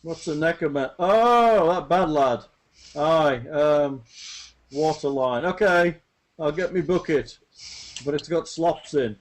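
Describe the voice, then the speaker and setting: A simple servant lad voiced by a man in a tabletop role-play, chatty and quick to panic. He talks in a folksy way, dropping "me" for "my". The voice sits a little high for a man. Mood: flustered. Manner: folksy, says "me" for "my", calls out to his lads. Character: simple male servant hauling slops, chatty, easily alarmed.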